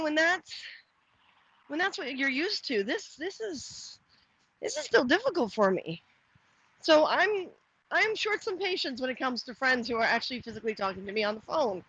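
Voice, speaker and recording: A woman's voice: high voice, a bit bright, no echo, lo-fi sound. Rambling middle-aged woman on a walk. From Canada. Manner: rambling and chatty, many restarts. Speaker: live streamer. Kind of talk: casual live-stream chat, reading viewer comments aloud. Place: outdoors, walking to the post office.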